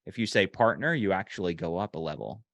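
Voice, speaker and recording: A man coaching a sales agent one on one, relaxed and rambling with frequent ums and restarts. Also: sits low, quick pace, creaky, no room sound.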